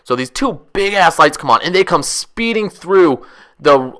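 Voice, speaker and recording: Excitable, profane young man telling a story. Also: fairly high pitch, measured pace. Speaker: vlogger. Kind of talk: casual storytelling.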